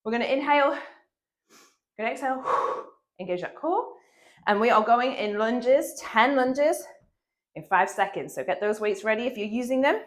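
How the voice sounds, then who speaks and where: A woman's voice: a little high, lively intonation, normal speed. A woman, coaching a dumbbell workout with upbeat counting and frequent laughs, with a cold in her voice. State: has a cold, slight cough in the voice. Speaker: fitness instructor.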